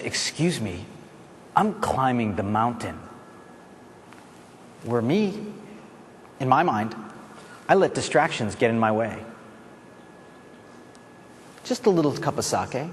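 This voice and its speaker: A man gives a motivational talk, his pitch swinging widely as he tells a story and acts out the people in it. The sound has a long hall reverb and a faint hiss behind it, as if it was recorded from across a large room. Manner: animated, acts out voices and builds to shouting. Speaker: motivational speaker.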